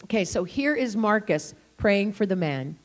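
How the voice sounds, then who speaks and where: An older woman preaching in a church, telling a lively story and acting out the people in it. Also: medium pitch, normal speed. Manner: animated, acts out the people in her stories. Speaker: guest preacher. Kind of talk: storytelling sermon.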